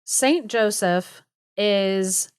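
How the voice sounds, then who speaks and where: A young woman co-hosts a podcast, retelling a fairy tale in a relaxed storytelling chat with plenty of "like" and small laughs. Her medium-pitched voice is clear and resonant but extremely slow, captured in a dry, clean studio recording.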